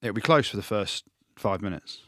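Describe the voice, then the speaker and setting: Animated man, lowish dry voice. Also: normal speed, no echo. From England. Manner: animated, emphatic, jokey. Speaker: podcast co-host. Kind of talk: casual sports chat.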